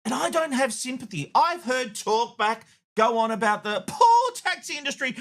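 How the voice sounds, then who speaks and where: Aussie bloke on tv having a rant, tells stories doing all the voices, fairly high voice. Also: male voice, sing-song, moderate pace, few pauses, fairly bright tone. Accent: Australian. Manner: blunt, storytelling with acted-out dialogue. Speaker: TV host. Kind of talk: opinion rant to camera.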